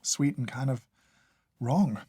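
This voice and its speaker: A man's voice: mid-range voice, slow pace, warm tone, breathy edge, dry recording. A man doing casual taste-test commentary, dry and sarcastic, scolding each product he tries. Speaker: food taste tester.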